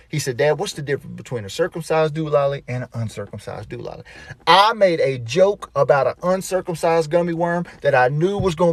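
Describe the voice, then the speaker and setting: A man's voice: mid-range voice, no room sound. A man telling comic stories about his kids in a profane, exasperated rant. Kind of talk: comedic storytelling.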